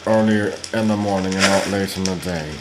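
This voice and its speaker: A man with a fairly low voice talks through gameplay in a loose, rambling way. He breaks into loud, playful shouts when a fight heats up. Clear background noise and clicks sit under his voice. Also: fairly even intonation, fairly quick. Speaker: gaming video host.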